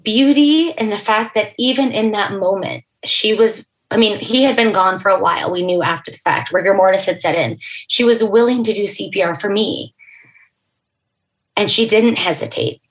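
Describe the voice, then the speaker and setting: A young adult woman, a podcast guest, telling an emotional personal story in an earnest, halting way, with fillers and restarts. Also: mid-range voice, poor audio.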